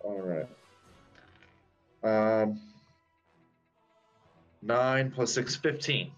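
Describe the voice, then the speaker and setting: A male tabletop player who speaks slowly and hesitantly, filling his pauses with ums. The recording is dull and lo-fi, with its top end muffled. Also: fairly low pitch, soft background music. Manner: unhurried, hesitant, many ums. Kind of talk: casual tabletop game chat.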